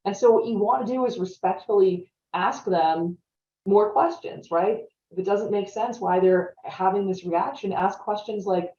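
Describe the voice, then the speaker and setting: A woman's voice: medium pitch, normal speed, warm tone. Chatty woman presenter with roomy audio. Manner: chatty, often adds "right?" to check in. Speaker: webinar presenter on stalking. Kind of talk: conversational training webinar talk. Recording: roomy, distant, dull-sounding audio.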